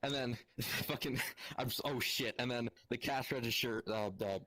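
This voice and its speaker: A man's voice: medium pitch, steady tone, normal speed, bright, forceful tone, no echo. Laughing, swearing man telling a story. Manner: laughing, profane, loose storytelling. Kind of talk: casual story in voice chat. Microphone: headset in online voice chat.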